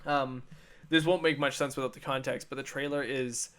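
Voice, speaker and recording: A man's voice: mid-range voice, steady tone, normal speed, a bit bright, clear, resonant tone. A young man co-hosting a casual podcast, rambling through a story with many fillers. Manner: rambling, lots of fillers and retold quotes. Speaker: podcast co-host. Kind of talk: casual chat.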